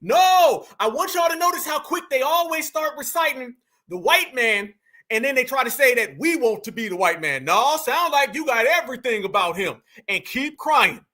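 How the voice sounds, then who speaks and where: High bright-voiced man mocking a clip. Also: lively intonation, moderate pace. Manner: mocking, emphatic, shouts at times. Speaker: commentator. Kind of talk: reaction commentary on a clip.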